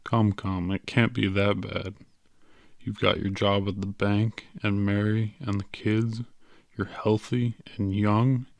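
A man reading an audiobook, voicing a patient, cheerful little male stranger with quick, coaxing salesman patter. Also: on the low side, little pitch movement, creaky, dry recording.

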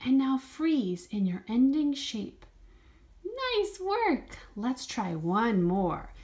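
Lady teacher reading a kids' book out loud, bouncy and sing-song, takes it slow and high. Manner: lively sing-song storybook reading, encouraging prompts. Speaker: dance teacher. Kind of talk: children's movement lesson with read-aloud.

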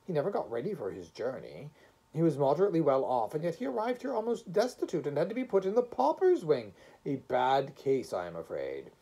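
A man reading the part of a severe official judging a case in a storybook reading, with a husky voice. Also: fairly high pitch, huge pitch swings, fairly quick, mellow, exaggerated voice. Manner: severe, disapproving.

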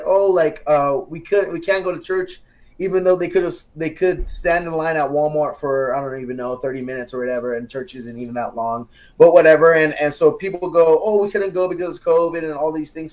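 A young man on a podcast giving an earnest personal testimony, telling it as a story with quoted dialogue and growing animated at the high points. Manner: earnest, grows animated and excited when telling the climax. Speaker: podcast guest. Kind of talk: casual testimony.

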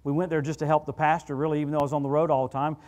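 A middle-aged man preaching as a guest minister, telling stories in an animated, conversational way. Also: a little high, racing. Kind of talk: sermon. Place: church sanctuary. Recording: church hall reverb.

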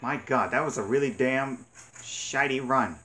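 A man commentating his arcade hunting game, excitable, cursing and yelling at the game. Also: medium pitch, measured pace, soft background music. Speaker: gaming channel host. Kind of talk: let's play commentary.

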